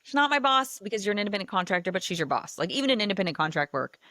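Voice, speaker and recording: A woman hosting a podcast, telling a personal story in a casual, animated way and saying "like" often. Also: medium pitch, racing, dry recording. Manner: animated, chatty, heavy use of filler "like". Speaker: podcast host.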